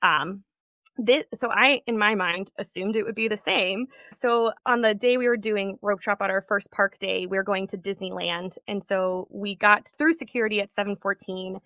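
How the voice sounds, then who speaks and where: Young woman guest, bright, dry-sounding voice, chatty storyteller. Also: mid-range voice, fairly even intonation, normal speed, dry recording. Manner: chatty storytelling with frequent laughs. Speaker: podcast guest. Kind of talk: casual chat.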